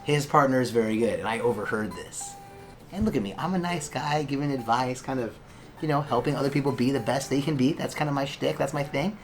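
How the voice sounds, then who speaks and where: A man's voice: medium pitch, a little fast, faint music behind. A man who is a lawyer hosting a casual vlog from his law office, chatty and joking as he rambles. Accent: Californian.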